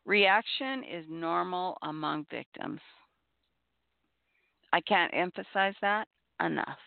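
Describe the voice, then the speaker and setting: A middle-aged woman hosting a talk show on abuse recovery, giving earnest, measured advice and repeating her key points. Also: on the low side, gravelly, dry recording. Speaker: podcast host on abuse recovery. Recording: tinny phone-like audio.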